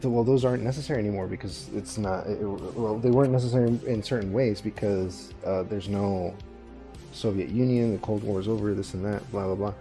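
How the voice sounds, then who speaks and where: A man's voice: on the low side, fairly even intonation, brisk, dark tone, faint music behind. A man co-hosting a radio show, chatting casually and rambling with lots of fillers, restarts and swearing. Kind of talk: casual chat.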